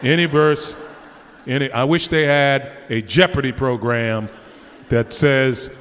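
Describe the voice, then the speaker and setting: A man preaching a fervent sermon, swinging between loud exclamations and quiet asides. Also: mid-range voice, fairly even intonation, takes it slowly, a little hiss or hum. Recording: long hall reverb.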